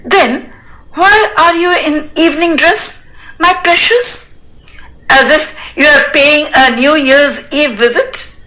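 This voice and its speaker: A woman's voice: sits high, slow, bright, forceful tone, full character voice, poor audio. A woman reading the part of a fussy older male landowner who gushes endearments and rambles on with "and so on," in a dramatic reading of a stage play. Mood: effusive.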